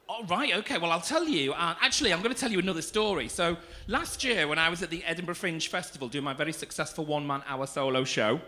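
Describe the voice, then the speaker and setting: A man's voice: fairly high pitch, fast talker, hardly any pauses, pushed and bright, slight background noise. A young man doing stand-up comedy on a club stage, teasing the audience in a camp, cheeky manner. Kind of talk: stand-up comedy with crowd work.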